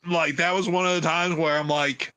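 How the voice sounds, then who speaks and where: Male show commentator, lively chat, acts out quotes, high voice, crowd behind. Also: moderate pace. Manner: animated, quotes himself with lifts in voice. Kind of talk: casual chat.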